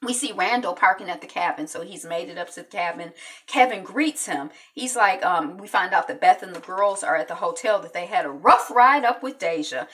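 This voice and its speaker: Bright, chatty woman recapping a show. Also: fairly low pitch, a little fast, distant mic. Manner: animated, acts out quotes, chatty. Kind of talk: casual TV recap.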